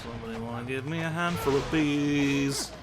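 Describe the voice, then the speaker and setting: A man's voice: mid-range voice, normal speed. A man giving absurd, rambling comedic commentary while playing a game, swearing often. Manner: absurd, rambling, swears, sudden silly voices. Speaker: gameplay commentator. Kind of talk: comedic let's play commentary. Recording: game music loud behind voice.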